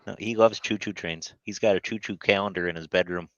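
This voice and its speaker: A man on an online call from home, chatting casually and gently talking to his young child beside him. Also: low voice, fairly even intonation, fairly quick, dry recording. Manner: easygoing, softly coaxing his small child. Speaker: guest on the chat, a father. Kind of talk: casual chat. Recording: dull, dry lo-fi call audio.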